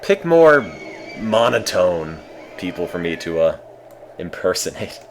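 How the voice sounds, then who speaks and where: A man streaming a game with casual, deadpan, self-mocking commentary. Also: low-pitched, a little slow, slight background noise.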